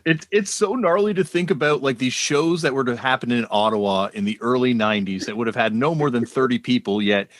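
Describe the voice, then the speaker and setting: A man's voice: mid-range voice, a little fast, hardly any pauses, dry recording. A man hosting a podcast, chatting casually and easily, swearing freely now and then. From Canada. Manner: laid-back, swears freely, laughs along. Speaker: podcast host. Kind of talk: casual chat.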